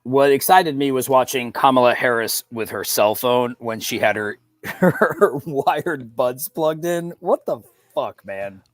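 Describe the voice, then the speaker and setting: A man co-hosting a podcast in casual chat, loose and wry, often trailing off quietly. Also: mid-range voice, measured pace, no echo. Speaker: podcast co-host.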